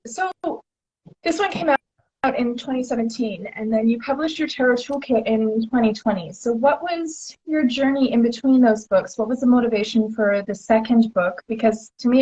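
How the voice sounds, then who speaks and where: Through a muffled recording comes a woman's fairly high voice with a darkish tone. She is the host of a laid-back interview, chatty and full of enthusiasm, dropping "like" and other filler words constantly.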